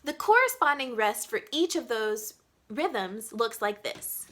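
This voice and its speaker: A young woman with a high, bright voice teaches a music lesson. She talks in a chatty, friendly way and chants the rhythm syllables out loud. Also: big pitch swings, a little slow. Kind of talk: explaining rhythm to students.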